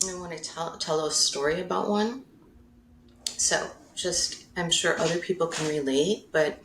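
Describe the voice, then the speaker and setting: Low-voiced woman guest sharing a personal story, laughs a lot, echoey room. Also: vocal fry, a bit bright, slight background noise. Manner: open and emotional, laughs often, self-correcting. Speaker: podcast guest, mindfulness facilitator. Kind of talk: candid conversational storytelling. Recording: roomy echo.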